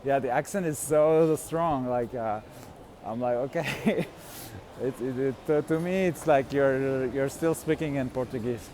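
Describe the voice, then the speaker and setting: On a casual walking vlog, a man strolls outdoors in a city, rambling with lots of fillers, restarts and frequent laughs. His medium-pitched voice is dark in tone and unhurried, set against faint street noise.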